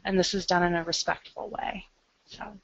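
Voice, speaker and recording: A woman's voice: fairly low pitch, steady tone, normal speed, vocal fry, fairly bright tone. A woman librarian with an American Midwest accent, giving an upbeat, conversational webinar presentation with frequent ums. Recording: dull lo-fi online call audio.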